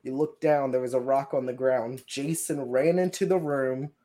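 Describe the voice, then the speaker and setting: A man's voice: mid-range voice, fairly even intonation, moderate pace, mellow. A man, a guest paranormal investigator, telling his stories in a loose, rambling way with plenty of fillers. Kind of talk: casual storytelling.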